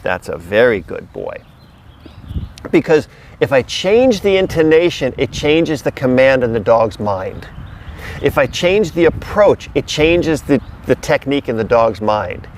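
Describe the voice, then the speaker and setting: Outdoors, a middle-aged man who trains dogs talks casually to a camera someone else is holding, coaching with emphasis and plenty of repetition. He has a mid-range voice with lively intonation, speaks a little slowly, and there is slight background noise.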